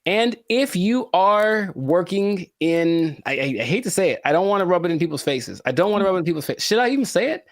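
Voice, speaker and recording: A man hosting a casual podcast, animated and jokey, with rambling asides. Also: high voice, a little fast, hardly any pauses, no echo. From California. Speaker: podcast host and musician.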